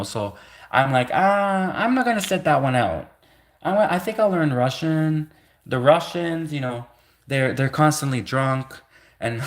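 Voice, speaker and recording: A man's voice: medium pitch, a bit bright. A man in his thirties on a livestream, rambling casually with lots of fillers and restarts. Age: 30s. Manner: rambling, many restarts and "like" fillers, laughs between thoughts. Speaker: livestream host.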